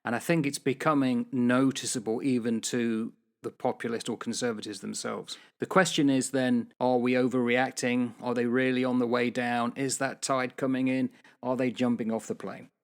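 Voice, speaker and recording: A man's voice: mid-range voice, flat delivery, normal speed. A man co-hosting a casual political chat podcast, cracking dry one-liners and posing rhetorical questions. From United Kingdom. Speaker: podcast co-host.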